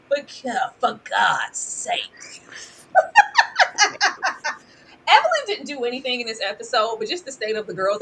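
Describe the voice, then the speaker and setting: A woman reviewing a reality show in casual commentary, animated and slangy, laughing often. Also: on the high side, slight background noise, rough recording.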